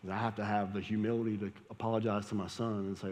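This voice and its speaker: A man's voice: lowish voice, flat delivery, fast talker, a little mellow. A man, preaching a sermon as a pastor, telling a casual, conversational story and laughing at it. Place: church hall with audience. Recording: live church hall with long reverb.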